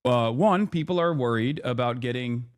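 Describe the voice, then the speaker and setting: A man's voice: mid-range voice, normal speed, no room sound. A male streamer ranting at his chat, heated and profane, often restarting his sentences. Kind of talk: livestream rant to chat.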